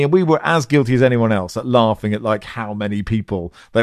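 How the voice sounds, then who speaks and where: A man's voice: lowish voice, a little fast, hardly any pauses, dry recording, clean studio sound. A man hosting a football podcast, chatty and lightly joking as he brings in his guests. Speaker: podcast host. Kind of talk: casual podcast chat.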